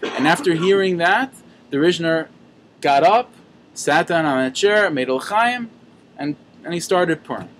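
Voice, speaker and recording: Using a lively story, a man delivers a Torah lesson peppered with Hebrew and Yiddish words, frequently starting over mid-thought. He speaks in a fairly high pitch at an unhurried pace.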